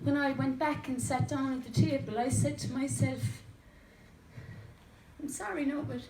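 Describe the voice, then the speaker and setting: A woman's voice: high-pitched, steady tone, normal speed. An Irish woman speaking from the audience at a public meeting, telling a story and rising into an earnest rallying call. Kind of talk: impassioned public meeting speech. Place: community hall with an audience. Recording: echoey hall from far off, background noise.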